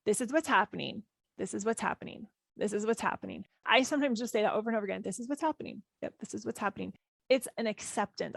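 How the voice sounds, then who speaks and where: Woman, 30s, podcast host, gentle coaching voice, fairly high, dry recording. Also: no room sound. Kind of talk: reflective solo podcast talk.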